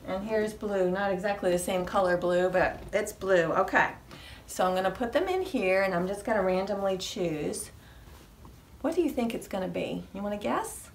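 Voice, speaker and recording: Rhymes and songs fill this preschool storytime, led by a woman whose accent is New England American. Her delivery is animated and sing-song with high squeals at each reveal, recorded from a distance in an echoey library room.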